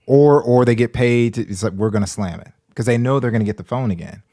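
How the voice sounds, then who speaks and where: A man's voice: mid-range voice, quick pace, warm tone, dry recording, clean studio sound. A man on a live tech panel who gives blunt, emphatic opinions in a casual way.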